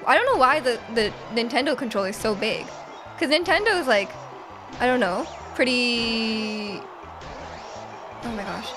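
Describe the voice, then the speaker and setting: A high-pitched woman streams a game live, cheering and laughing as she plays and reads out chat messages. Faint game music plays behind her voice. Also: normal speed. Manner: excitable, reads chat aloud, laughs often.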